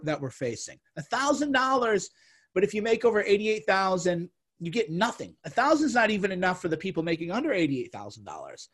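A man hosting a casual podcast discussion who talks bluntly and swears freely, with an indignant edge. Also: sits high.

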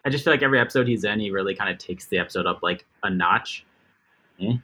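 Bright-voiced joking male podcast co-host. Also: on the low side, fast. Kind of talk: casual chat.

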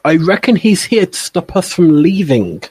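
A man's voice: sits high, big pitch swings, normal speed, darkish tone, breathy edge. A man playing in a tabletop game who talks in a laid-back way. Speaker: player. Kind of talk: casual tabletop play.

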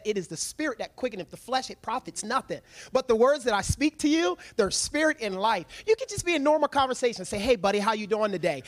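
A man delivers a short church sermon with real excitement, his voice sitting high and leaping all over the place. He laughs easily and keeps the energy up throughout. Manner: excitable, laughs often, quick and animated. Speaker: lay speaker giving a short church talk. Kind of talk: energetic testimony-style sermon.

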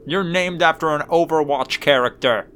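A man's voice: a little high, moderate pace, fairly bright tone, a little hiss or hum. A young man co-hosting a podcast, making dry, teasing remarks in casual chat. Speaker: podcast co-host.

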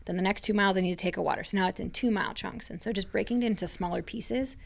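A woman runner, a podcast guest, explaining calmly and step by step in casual chat. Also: mid-range voice, racing, vocal fry, slight background noise.

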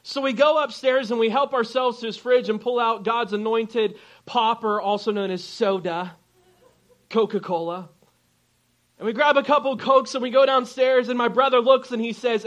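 A pastor with a high-sitting voice preaches a sermon at a moderate pace. He tells a personal story in an animated way, acting out the people he quotes.

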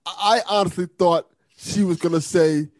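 A man co-hosting a podcast, his voice sitting a little high for a man. He chimes in to back up his partner in flat, matter-of-fact statements. The recording sounds dry and close, with no room sound. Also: normal speed, no echo. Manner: agreeable, chiming in and backing up the other host in flat, matter-of-fact statements. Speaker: podcast co-host. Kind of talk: casual chat.

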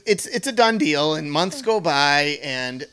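Lively bright-voiced middle-aged man swearing. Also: fairly high pitch, unhurried, smooth. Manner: profane, laughing, acts out quotes. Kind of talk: casual storytelling chat.

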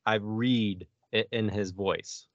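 Chill low-voiced guy from central pennsylvania, jokey podcast cohost, dry dull sound. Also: fairly even intonation, slow, dry recording. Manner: easygoing, joking. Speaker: podcast co-host. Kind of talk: casual conversational podcast.

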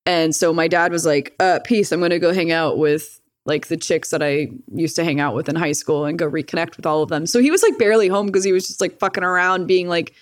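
A woman's voice: lowish voice, fairly even intonation, a little fast, hardly any pauses. A woman chatting casually, telling a story, swearing freely, laughing often and acting out the lines she quotes. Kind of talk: casual chat.

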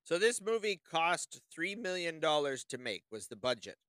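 A man's voice: a little high, very animated, normal speed, a bit bright, no echo. A man co-hosting a podcast in casual chat, wry and nitpicky, chuckling often. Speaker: podcast co-host.

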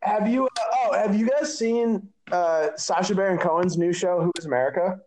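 A man's voice: sits high, normal speed, noisy background. A young man co-hosting a casual chat with friends, explaining context and steering the topic. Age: young adult. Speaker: podcast co-host.

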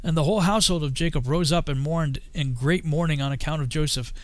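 A man reading an old scripture text aloud in a solemn, measured way, sometimes slipping and correcting himself. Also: on the high side, no room sound. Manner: solemn, archaic phrasing with occasional slips and self-corrections. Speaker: reader.

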